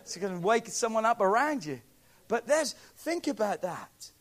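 A man preaching a sermon as pastor, emphatic and pleading, swinging from quiet asides to near shouts. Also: high voice, very animated, normal speed.

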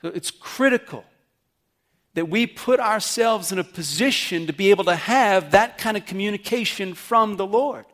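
A man's voice: high-pitched, moderate pace, a bit bright. Earnest pastor preaching, man. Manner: earnest teaching with questions to the congregation. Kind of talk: sermon. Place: church service.

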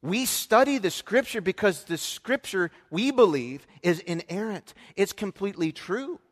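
A man in his thirties gives a sermon from the pulpit, his voice sitting a bit high. He speaks in an earnest, chatty way, full of fillers and restarts. His words trail into the long echo of a big church hall. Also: lively intonation, unhurried. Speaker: pastor. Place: church sanctuary.

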